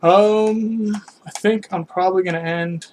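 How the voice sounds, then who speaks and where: A man's voice: high voice, fairly even intonation, measured pace, a little mellow, a little hiss or hum. A man casually chatting on a live game stream, self-critical and rambling, trailing off, a bit out of breath.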